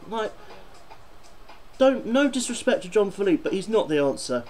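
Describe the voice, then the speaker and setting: A man's voice: high-pitched, big pitch swings, normal speed, a little mellow, a little hiss or hum, low-quality recording. A man doing a football fan video, ranting and swearing in exasperation about his team.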